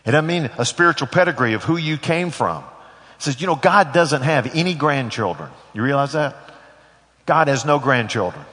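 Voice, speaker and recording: Man, pastor, folksy sermon, lively swooping pitch, long hall echo. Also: normal speed. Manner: folksy and conversational, with asides and jokes.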